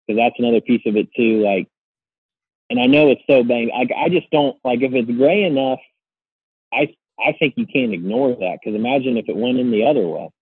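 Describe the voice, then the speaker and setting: A man's voice: mid-range voice, brisk, slightly rough, no room sound, narrow, tinny audio. A man hosting a casual sports podcast, rambling with lots of "like" and restarts. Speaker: podcast host.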